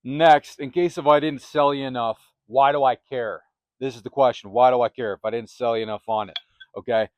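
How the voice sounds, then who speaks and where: A man's voice: mid-range voice, fairly even intonation, fairly quick, no room sound. A man hosting a self-help channel, giving a motivational talk to camera in emphatic, repetitive, punchy phrases on a close microphone.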